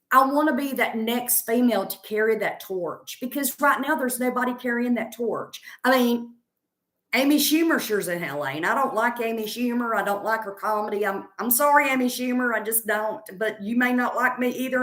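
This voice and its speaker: A woman's voice: fairly high pitch, normal speed, fairly bright tone, echoey room. A woman comedian with a Southern accent, chatting casually in a rambling, confident way while answering viewer comments. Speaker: stand-up comedian.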